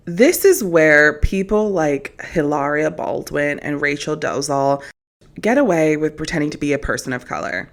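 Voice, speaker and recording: A woman's voice: low voice, expressive, measured pace, gravelly. A woman hosting a solo commentary podcast, sassy and incredulous, talking straight to her audience. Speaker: podcast host.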